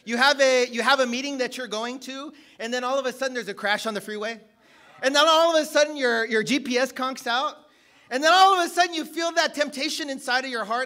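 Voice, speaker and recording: A man preaching a sermon, energetic and joking, rising to shouts at the peaks. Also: extremely high pitch, normal speed. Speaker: guest preacher.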